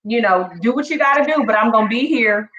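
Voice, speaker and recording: A woman's voice: fairly high pitch, fast, a bit bright. A woman teacher, a guest, telling her story in a chatty, heartfelt way and calling the listener "girl" again and again. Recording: echoey room, dull lo-fi sound.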